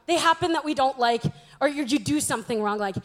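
Chatty young woman, very high voice. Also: fast. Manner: chatty, self-mocking storytelling. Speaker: youth speaker. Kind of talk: humorous church talk.

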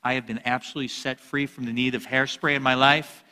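A man preaching a sermon, a lively storyteller with jokes who swings between loud and soft. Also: medium pitch, fast, smooth, big-room sound. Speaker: pastor.

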